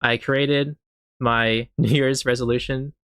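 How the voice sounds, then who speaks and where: A man's voice: medium pitch, flat delivery, slow, fairly bright tone, smooth, dry recording. Young man, podcast host, playful, joking, dry sound. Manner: playful, joking, laughs between lines. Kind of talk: casual chat among friends.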